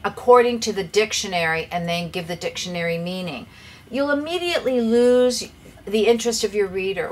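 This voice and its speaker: A woman teaching English writing in a clear, measured lesson, giving direct advice to the viewer. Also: medium pitch. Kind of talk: lesson explaining writing tips.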